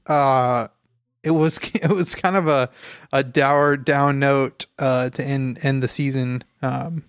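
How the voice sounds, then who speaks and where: A man co-hosting a casual podcast, talking in halting, rambling sentences full of fillers. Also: fairly high pitch, clear, resonant tone, no echo, studio quality. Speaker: podcast co-host. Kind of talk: casual chat.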